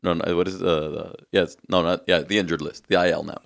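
A man's voice: deep voice, flat delivery, fast, gravelly, a bit bright, dry recording. A man co-hosting a casual sports podcast with short, dry, teasing interjections. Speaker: podcast co-host.

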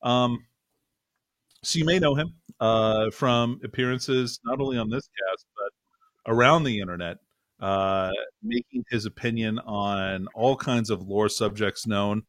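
A man co-hosting a podcast who talks in a casual chat and deals in sarcastic, deadpan humor. The sound is dry and close, with no room around it. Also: on the low side, measured pace, dry recording. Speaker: podcast co-host.

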